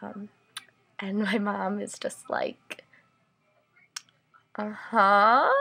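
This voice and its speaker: Young female vlogger, gravelly and a bit husky, chatty story-and-rant delivery. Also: fairly high pitch, expressive, normal speed, bright, forceful tone. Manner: chatty, many fillers and "like"s, indignant rant. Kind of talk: casual storytelling to camera.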